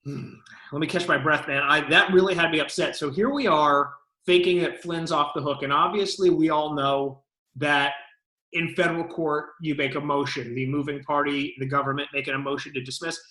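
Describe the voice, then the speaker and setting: A man's voice: on the high side, steady tone, moderate pace, sharp tone, reverberant, rough recording. A man co-hosting a political talk show, giving emphatic, lawyerly commentary.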